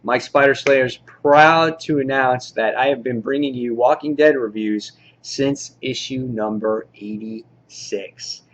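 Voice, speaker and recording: A man casually reviewing a comic book, rambling excitedly and acting out the characters' lines. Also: medium pitch, measured pace, few pauses, highs cut off.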